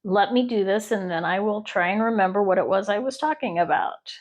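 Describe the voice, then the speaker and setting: A woman from Ohio chats casually while she crochets, rambling and stopping to count stitches. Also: mid-range voice. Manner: rambling and self-interrupting, pausing to count stitches. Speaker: crochet podcast host.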